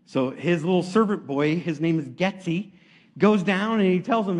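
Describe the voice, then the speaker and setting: A man preaching a sermon, retelling stories in a lively, casual way and acting out the quotes. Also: high-pitched, normal speed.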